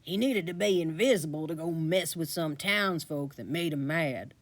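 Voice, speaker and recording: A woman's voice: deep voice, expressive, moderate pace, voice pushed down. A woman voicing a puzzled, helpful gnome who talks in a matter-of-fact way.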